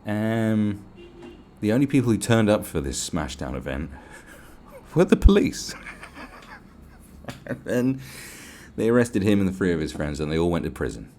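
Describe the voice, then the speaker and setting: A man's voice: on the low side, sing-song, moderate pace, pauses often, mellow, a little hiss or hum. A man with a British accent hosting a podcast, ranting in a casual, profane, sarcastic way. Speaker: podcast host.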